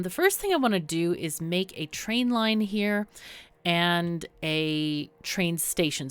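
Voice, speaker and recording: A slightly hoarse woman, losing her voice a little, hosting a game tutorial in chatty, casual commentary and thinking out loud as she plays. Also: fairly low pitch, no echo. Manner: chatty and thinking aloud, with fillers. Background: faint background music.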